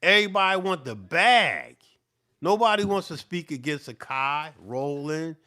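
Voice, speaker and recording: Fired-up middle-aged man, bright high voice. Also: very animated, unhurried. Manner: profane, repetitive, fired-up. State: sweating, worked up. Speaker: beatmaker. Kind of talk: heated off-the-cuff rant to camera.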